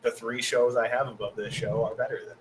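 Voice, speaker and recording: A man on an anime podcast who calmly defends his opinion in casual chat. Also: mid-range voice, fairly quick, far from the mic, a little hiss or hum, rough recording. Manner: laid-back, defending his ranking.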